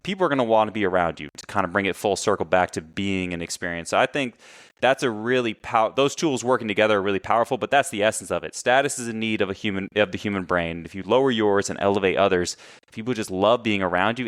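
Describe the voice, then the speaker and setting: A man as a podcast guest and coach, talking in casual, animated conversation and telling stories, often correcting himself. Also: lowish voice, fast talker, dry recording, clean studio sound. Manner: animated storyteller, chatty, self-correcting.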